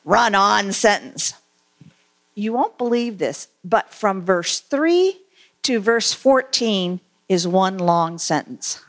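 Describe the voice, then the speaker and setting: A woman giving a conversational sermon, asking her listeners questions and reading scripture aloud, with frequent pauses and fillers. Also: medium pitch, lively intonation. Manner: conversational, asks the congregation questions; halting, many fillers. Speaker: preacher.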